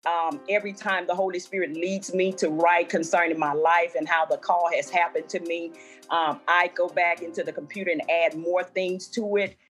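A woman's voice: lowish voice, fairly even intonation, normal speed, a bit bright, faint music behind. A woman minister giving an earnest, reflective personal testimonial.

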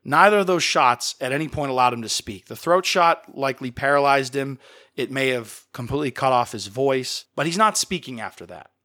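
A man's voice: medium pitch, expressive, a little fast, pushed and bright. A man from the Boston area hosting a podcast, explaining events step by step in a conversational storytelling style and briefly acting out quotes.

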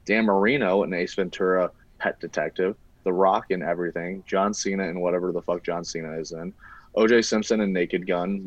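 A man with a very low voice hosts a loose podcast conversation. He talks in a laid-back, joking way and swears freely. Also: dry recording, poor audio. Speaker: podcast host. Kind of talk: casual chat.

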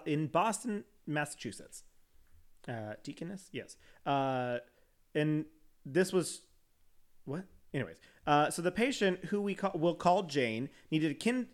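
A man on a podcast reading an article aloud with casual asides, often stumbling over words and laughing at himself. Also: a little high. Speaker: podcast host.

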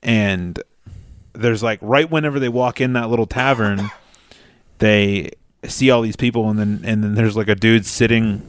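A man's voice: lowish voice, steady tone, normal speed, a little hiss or hum. A young man in casual chat, telling an anecdote with swearing, laughter and stammered restarts.

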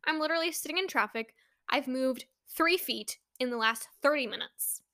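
A woman's voice: high-pitched, moderate pace, pushed and bright, dry recording, studio quality. A young woman chatting casually to her viewers, telling a story with lots of fillers and anxious exclamations. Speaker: vlogger.

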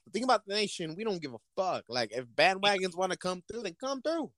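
A man's voice: high voice, quick pace. A man talking football in casual, profane banter, acting out imagined conversations in different voices. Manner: profane, animated, acts out imagined dialogue. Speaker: podcast co-host. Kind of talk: casual sports chat.

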